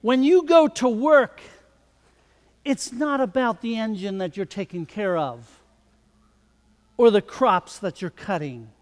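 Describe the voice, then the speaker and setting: A man preaching a sermon, slow and deliberate, who acts out the quoted dialogue with rising intensity. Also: high-pitched, animated, in a large hall.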